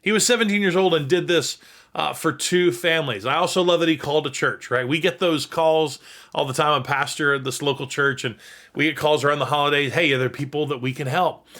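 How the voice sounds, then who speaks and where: A man who is a pastor, teaching on scripture in a reflective way, reading verses slowly and repeating his key points. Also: a little high, a bit bright. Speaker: pastor and host. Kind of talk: sermon-style teaching on scripture.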